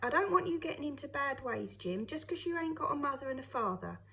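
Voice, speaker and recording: A woman's voice: high-pitched, animated, fairly quick, vocal fry, bright, forceful tone, full character voice. A woman doing a breathless, chatty working girl. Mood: eager.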